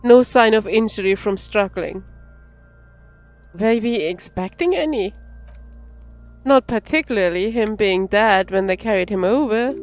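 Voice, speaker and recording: A woman streamer reading the game's text aloud, slow and careful, with laughing asides. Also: mid-range voice, expressive. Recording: faint game music behind.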